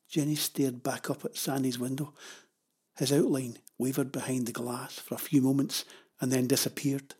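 A narrator reading a children's adventure story in a steady, measured way, with a husky voice. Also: medium pitch.

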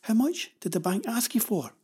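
A man's voice: sits high, big pitch swings, mellow, slightly rough, pitched above the performer's own voice, exaggerated voice. A man voicing a cheeky, self-assured boy who teases and steers the girl along, in a storybook reading. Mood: knowing. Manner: teasing, knowing, unhurried. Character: cheeky, confident young boy.

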